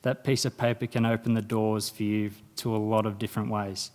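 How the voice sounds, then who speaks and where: A man's voice: lowish voice, fairly quick. A young man giving a motivational speech at a graduation ceremony, telling stories and acting out the dialogue in them. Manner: animated storytelling, acting out quoted dialogue. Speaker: guest speaker.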